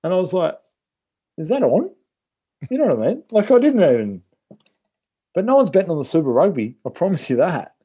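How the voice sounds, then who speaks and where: Mellow-voiced man, chatty. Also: a little high, very animated, fast, husky. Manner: chatty, many "like"s and "you know"s. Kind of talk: casual sports chat.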